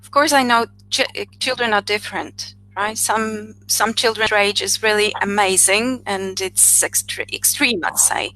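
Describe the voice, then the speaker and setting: A woman's voice: medium pitch, steady tone, unhurried, few pauses, pushed and bright, low-quality recording. A woman in her thirties with a Polish accent hosting an interview, talking hesitantly with frequent fillers over a video call. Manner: hesitant, many "uh" and "you know". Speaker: interview host, psychologist. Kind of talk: casual conversation.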